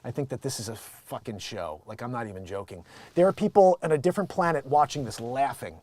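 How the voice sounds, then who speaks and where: A man's voice: mid-range voice, lively intonation, fast talker, a little mellow, dry recording. A middle-aged man from Connecticut hosting a show, delivering a sarcastic, swearing comic rant. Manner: sarcastic, swearing, drifting into bits. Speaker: show host. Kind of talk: ranting comic monologue.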